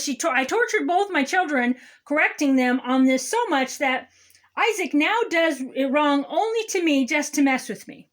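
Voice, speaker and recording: Condescending councilman lecturing on grammar, high voice, keeps saying okay, satirical monologue, played by a woman. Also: a bit bright.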